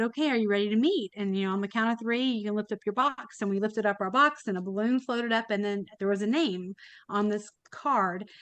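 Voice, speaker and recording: Her voice is medium-pitched and fairly bright, with no echo. As a kidney donor guesting on a podcast, she shares a personal story in an emotional, chatty way, full of fillers and false starts.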